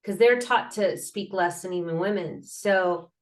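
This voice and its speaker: A woman's voice: on the low side, unhurried. A woman guest speaking about healing in a casual interview, earnest and rambling, with frequent fillers and restarts, acting out sounds and laughter as she explains. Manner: animated, acts out sounds and laughter. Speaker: guest, mental health advocate.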